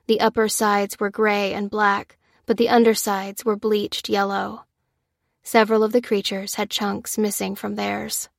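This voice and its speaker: A woman reading a novel aloud as narrator in steady, measured audiobook narration. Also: mid-range voice, dry recording, clean studio sound.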